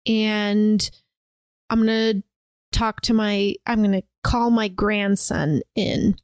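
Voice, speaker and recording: A gushing, excitable middle-aged woman in grief, bright and eager, as a podcaster quotes her lightly. The voice is close and dry. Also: medium pitch, takes it slowly, clean tone, dry recording, lightly acted. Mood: excited.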